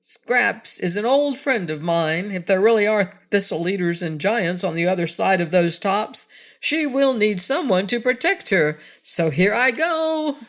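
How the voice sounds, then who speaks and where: Woman reading a brave blocky storybook beast, pitched up, slow and stretched. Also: expressive. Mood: determined. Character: the Woozy, blocky loyal male beast.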